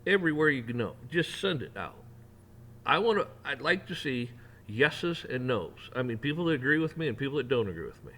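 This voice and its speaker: A man's voice: mid-range voice, sing-song, a little fast. Heated man ranting his opinions. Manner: heated, mocking, rising to near shouting at peaks; mimics officials in sarcastic voices. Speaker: rant channel host. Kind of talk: opinion rant to camera.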